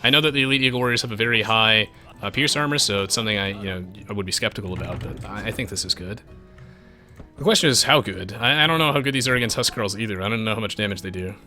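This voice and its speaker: A man's voice: fairly low pitch, quick pace, pushed and bright, faint music behind. A man live-streaming a strategy game, chatting with viewers in a self-mocking, rambling way with lots of restarts.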